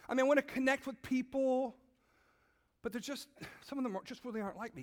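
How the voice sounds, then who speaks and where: A man's voice: very high voice, fast talker. A middle-aged man preaching a conversational sermon, repeating words and asking his listeners questions. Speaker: pastor.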